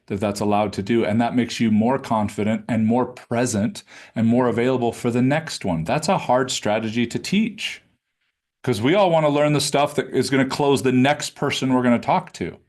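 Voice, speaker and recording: A man coaching a live online class, talking conversationally and demonstrating how to ask questions in a low throaty voice. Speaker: business coach. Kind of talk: live webinar teaching. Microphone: video call.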